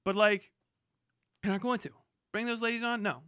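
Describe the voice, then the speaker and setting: A man with a high voice rants on a live stream, swearing heavily and firing off heated lines one after another. The sound is dry and close, with no room around it. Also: fairly even intonation, pushed and bright, clear, resonant tone, no room sound. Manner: heated, swearing, rapid-fire ranting. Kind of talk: profane livestream rant.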